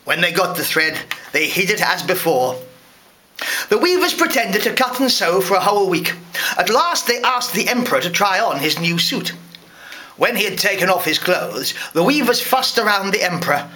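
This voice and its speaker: A man, a parent, reading a fairy tale aloud to a school class in a lively, expressive way. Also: high-pitched, moderate pace. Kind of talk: storybook read-aloud.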